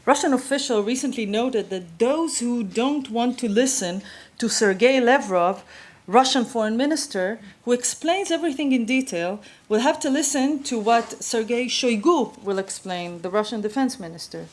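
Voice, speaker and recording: Woman giving a conference talk, slightly high voice, measured, reads from notes with a few uhs. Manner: measured, reading from notes with occasional fillers. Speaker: conference speaker. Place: conference hall.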